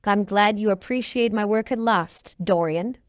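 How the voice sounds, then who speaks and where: A woman's voice: mid-range voice, unhurried, no echo, studio quality, natural voice. A woman voicing an earnest, wounded painter. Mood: cold. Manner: earnest, hurt. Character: earnest male painter, devoted friend.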